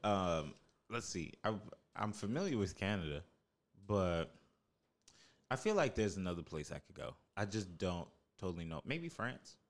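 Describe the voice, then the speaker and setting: Lively low-voiced man asking questions. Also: moderate pace. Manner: curious, asks many questions. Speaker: podcast co-host. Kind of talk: casual chat.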